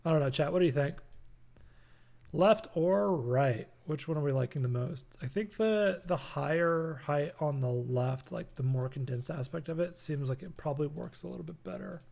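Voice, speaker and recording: A young man hosts a casual live design stream from his apartment, chatting loosely and filling gaps with lots of fillers. His voice sits a bit high but sounds mellow and dark, with plenty of gravelly fry. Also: normal speed. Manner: loose and chatty, many fillers, reads chat aloud. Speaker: creative director hosting a design stream. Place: home apartment.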